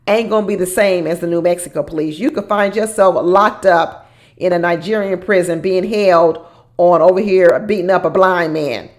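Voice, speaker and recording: Brief: woman commentator, lively dramatic recap, vocal fry, mid pitch. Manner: animated, dramatic, laughs while talking. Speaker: reality TV commentator.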